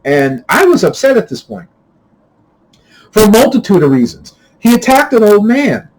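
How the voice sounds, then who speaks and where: A man telling a personal story in a rambling, casual way, stumbling and repeating words, getting louder and more heated at the tense parts. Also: big pitch swings, normal speed, poor audio. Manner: grows louder and higher when retelling heated moments. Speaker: channel host.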